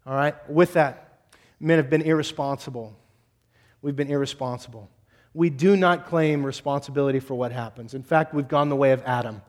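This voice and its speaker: A man's voice: mid-range voice, moderate pace. A man preaching a sermon as a pastor, in a blunt, exhorting and teasing way.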